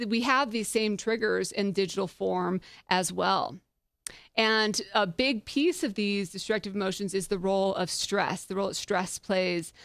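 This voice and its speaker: A woman hosting a podcast, giving a conversational leadership talk in a lively way, laughing often and making self-deprecating asides. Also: mid-range voice, vocal fry, no room sound. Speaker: podcast host.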